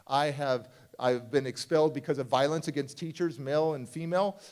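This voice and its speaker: A motivational speaker telling a personal story at a conference, acting out the people in it and swinging between hushed and loud. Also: male voice, a little high, brisk. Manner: acts out voices of people in his story, swings from hushed to shouting. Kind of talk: dramatic storytelling keynote. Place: large conference hall.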